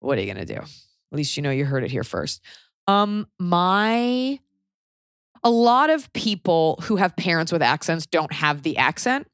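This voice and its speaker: A woman's voice: lowish voice, very animated, moderate pace, dry recording, studio quality. A woman with a Texan accent, co-hosting a podcast in a rambling, chatty way with lots of fillers. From Texas. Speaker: podcast co-host. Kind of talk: casual podcast chat.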